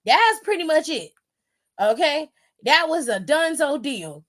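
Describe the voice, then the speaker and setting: A young woman with a high voice tells the story in a loose, slangy way and acts out the quotes as she goes. Her pitch swings widely from line to line, and she sounds like a show host talking straight to her viewers. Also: big pitch swings, measured pace. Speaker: wrestling show recap host. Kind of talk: animated casual recap.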